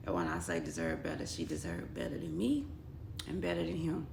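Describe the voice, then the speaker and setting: Gravelly-voiced woman telling her own story. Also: deep voice, wildly swooping pitch, brisk. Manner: blunt and emotional, quotes others in dialogue. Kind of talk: personal storytelling vlog. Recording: echoey room with faint background noise.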